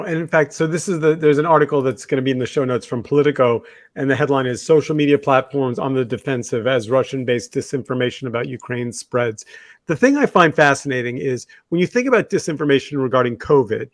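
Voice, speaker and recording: A man's voice: medium pitch, animated, fairly quick, dry recording. A man co-hosting a talk show, telling stories in a rambling, conversational way. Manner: conversational storyteller, rambling with fillers and restarts. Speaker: podcast co-host. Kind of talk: casual discussion.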